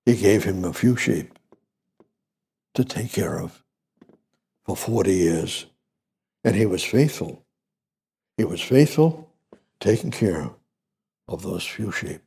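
A man delivers a sermon in a slow, deliberate cadence, leaning on repetition. His voice is dark and gravelly with a husky edge. He jumps up in pitch on key phrases. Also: lively intonation. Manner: repetitive, emphatic preaching with sudden pitch rises. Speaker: preacher.

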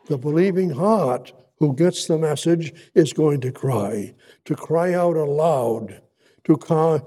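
A man preaching a sermon, expounding scripture in a deliberate way, repeating words for emphasis and swelling louder on key points, with frequent restarts. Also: fairly high pitch. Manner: halting, with frequent restarts and asides.

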